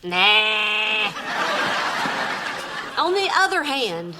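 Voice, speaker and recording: A wisecracking sarcastic mom. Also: female voice, mid-range voice, sing-song, extremely slow, very noisy. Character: sarcastic middle-aged mother, wisecracking and blunt. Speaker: sitcom lead. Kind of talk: sitcom acting.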